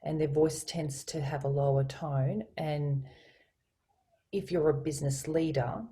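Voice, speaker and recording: A woman voice coach speaking as a guest on a video call, explaining communication in an expressive, teacherly way. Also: sits low, measured pace. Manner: expressive, teacherly, varies her inflection. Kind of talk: explanatory interview talk with spoken tone demonstrations.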